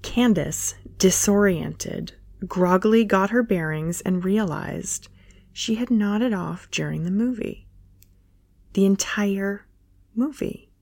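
A woman narrates a light romance story in a soft, playful voice at a middle pitch. The sound is close and dry, with no room around her. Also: takes it slowly, vocal fry, no echo.

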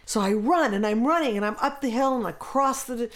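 A woman from the United States, a guest chatting casually and telling a lively anecdote, acting out the voices of the people in it. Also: a little high, brisk. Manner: animated, acts out voices in her anecdotes. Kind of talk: casual storytelling.

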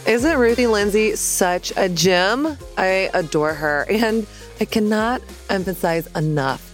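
A woman from Texas, a podcast host, closing the episode with a warm, reflective, gently questioning talk. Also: mid-range voice, animated, takes it slowly, faint music behind.

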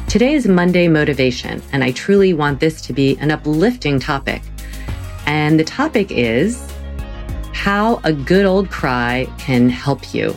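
A podcast host and physical therapist, talking earnestly and reflectively about yoga and wellbeing, often pausing to restart sentences. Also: mid-range voice, big pitch swings, faint music behind. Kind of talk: solo motivational podcast talk.

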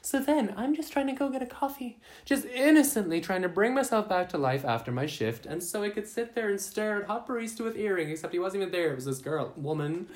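A man's voice: sits high, brisk, hardly any pauses. A man playing a frazzled, camp young man in an audio drama, venting dramatically about his day. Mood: ranting. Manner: animated, dramatic ranting with swearing.

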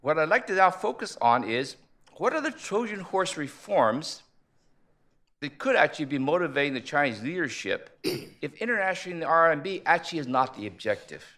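A man speaking at a conference panel, measured and analytical, posing rhetorical questions as he lays out his argument. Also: on the high side, sing-song, sharp tone. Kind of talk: conference presentation.

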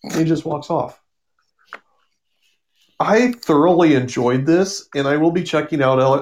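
A man's voice: fairly high pitch, normal speed, long pauses, darkish tone. A man casually recapping and reviewing comic books, rambling with ums and self-corrections.

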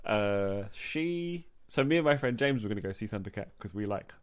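A man's voice: normal speed, clean tone. A man, a comedian and musician, chatting casually as a podcast guest and acting out voices in his anecdotes. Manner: animated anecdote-teller, acts out voices with big pitch jumps. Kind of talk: casual chat.

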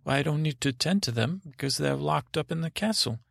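A man's voice: on the high side, lively intonation, fairly quick, creaky, a bit bright, dry recording, studio quality, voice pushed up, exaggerated voice. A man voicing a timid young shepherd boy who stammers and hurries his words. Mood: nervous.

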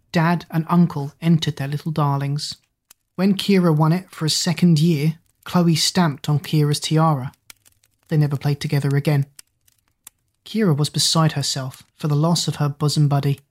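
A woman's voice: deep voice, darkish tone. Woman reading a children's book. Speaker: audiobook narrator.

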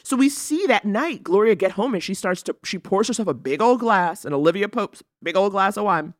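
Lively, emphatic woman in a dry room. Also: mid-range voice, fairly quick, dry recording. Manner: animated, emphatic storyteller. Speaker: podcast co-host. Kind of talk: casual chat recapping a movie.

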